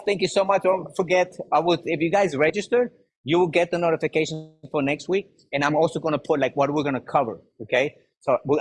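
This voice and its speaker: A man leading a sales workshop, giving an energetic motivational talk and firing rhetorical questions at the audience. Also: fairly high pitch, husky, poor audio. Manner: acts out quoted people in lively voices.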